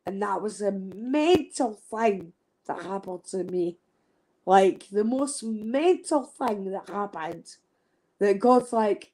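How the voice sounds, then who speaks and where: Slow, heartfelt woman swearing freely. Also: mid-range voice, expressive, mellow, poor audio. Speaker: guest on a live stream. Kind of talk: emotional casual chat.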